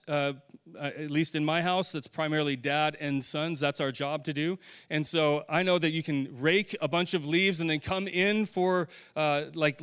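A man's voice: a little high, a bit bright, clean tone. A middle-aged man preaching a conversational sermon, putting questions to his congregation. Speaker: pastor.

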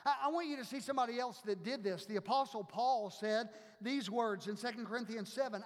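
High-voiced man preaching a sermon. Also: brisk, hardly any pauses. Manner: emphatic preaching with repetition. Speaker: pastor. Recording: long hall reverb.

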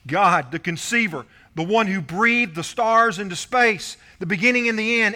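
A male pastor preaching a sermon, driving points home with punchy repeated phrases and dropping to quiet asides to the congregation. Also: animated, normal speed, few pauses. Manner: emphatic preaching with rising, punchy repetitions; drops to a soft, low voice for asides to the congregation.

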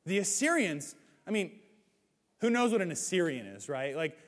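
A man preaching a sermon as pastor, animated, swinging between loud, excited stretches and hushed ones. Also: sits high, moderate pace. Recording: hall reverb.

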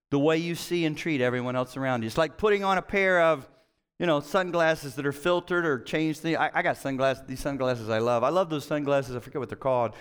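A man's voice: a little high, fairly bright tone, smooth. A middle-aged male pastor preaching in a conversational, storytelling way with self-mocking humor. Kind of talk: sermon.

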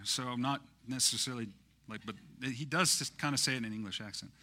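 Speaking at a quick pace with a medium pitch, a male pastor delivers a casual, filler-heavy sermon. His conversational tone rises at times into loud, impassioned peaks.

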